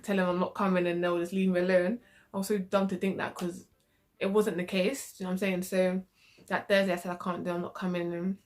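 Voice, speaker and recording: Young woman telling a storytime. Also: on the low side. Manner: animated, acts out quoted reactions. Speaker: vlogger. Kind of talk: casual storytime.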